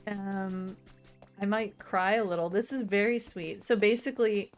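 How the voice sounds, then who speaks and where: A gaming streamer with a medium-pitched voice talks to her in-game companions at a measured pace during a casual let's-play stream. She's chatty and excitable, swinging between gushing and muttered grumbling, with soft game music playing faintly behind her.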